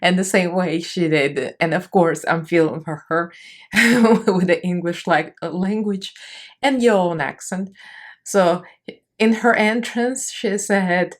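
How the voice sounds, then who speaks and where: A young makeup vlogger with a Russian accent chats casually through a tutorial at a slow pace and a fairly low pitch. She laughs often and speaks in loose, easy phrases.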